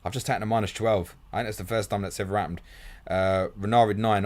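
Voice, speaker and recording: A deep-voiced man hosts a live fantasy football question stream. He reads questions out quickly and answers them in a blunt, matey way, tossing in "mate" at every turn. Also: fairly even intonation. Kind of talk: fast live Q&A reading viewer questions.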